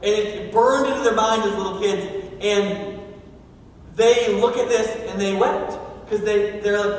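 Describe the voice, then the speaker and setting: A man's voice: high-pitched, fairly even intonation, measured pace. A man preaching a sermon as pastor of a church, in a casual, joking, conversational way. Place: church sanctuary. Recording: echoey hall from far off.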